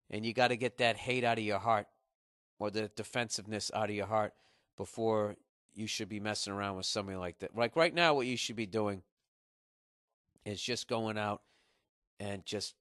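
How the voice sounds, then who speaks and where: A man's voice: fairly low pitch, fairly bright tone, dry recording, studio quality. A man in his forties hosting a podcast, giving blunt, profane advice in a rambling comic rant. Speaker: podcast host. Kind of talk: casual comedic advice rant.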